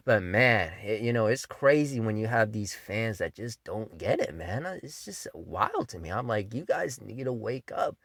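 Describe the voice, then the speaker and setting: Profane, lively male manga ranter. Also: fairly low pitch, a little slow, no echo, studio quality. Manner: profane, exasperated, mocking. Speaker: manga reviewer, channel host. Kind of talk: opinionated rant review.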